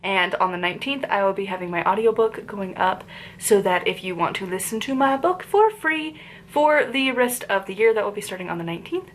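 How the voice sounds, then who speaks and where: This woman, from the Appalachian region of the United States, chats through a book review on her channel in a fairly quick, expressive mid-range voice. She rambles a bit, leaning on fillers and going off on tangents.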